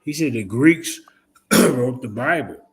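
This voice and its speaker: A man hosting a casual streamed discussion, talking in an animated, slangy, emphatic way. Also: mid-range voice, slow pace. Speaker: host.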